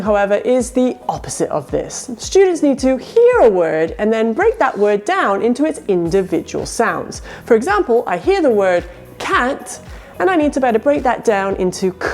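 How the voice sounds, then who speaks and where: A woman teacher narrating an instructional video, upbeat and sounding out letters clearly. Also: a little high. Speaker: ESL teacher.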